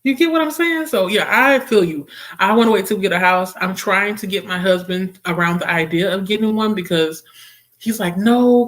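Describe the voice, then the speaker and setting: A young woman hosts a casual book livestream, talking straight to her viewers. She reads their comments aloud and reacts expressively, laughing often, in a voice of middling pitch. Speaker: booktube livestream host.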